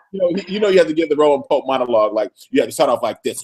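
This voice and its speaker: A man co-hosting a casual TV recap chat, animated and acting out characters. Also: rapid-fire, very noisy. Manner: animated, acts out characters with big pitch jumps. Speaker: podcast co-host.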